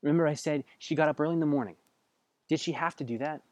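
A man preaching a sermon in a conversational way, asking his listeners direct questions and swinging between hushed passages and loud, emphatic bursts. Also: fairly high pitch, fast talker, dry recording. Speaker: pastor.

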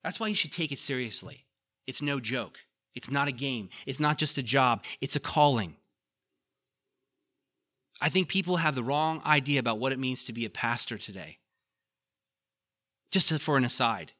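A man's voice: mid-range voice, moderate pace, pauses often, sharp tone. A male pastor preaching a conversational sermon, reading scripture aloud with emphasis and putting questions to the congregation.

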